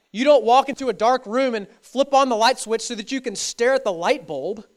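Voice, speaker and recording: High-voiced male pastor preaching. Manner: earnest preaching with repetition for emphasis. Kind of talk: sermon.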